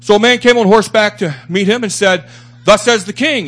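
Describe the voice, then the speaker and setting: A man's voice: sits high, expressive, quick pace, a bit bright. A man preaching a sermon to a small church congregation, fervent and repetitive, building up his phrases for emphasis. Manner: fervent, rising and repeating for emphasis.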